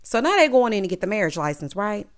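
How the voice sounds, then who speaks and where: Lively, sassy woman recapping TV. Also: mid-range voice, fast. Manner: expressive, sassy, talks straight to viewers. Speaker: reality TV recap vlogger. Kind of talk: casual recap commentary.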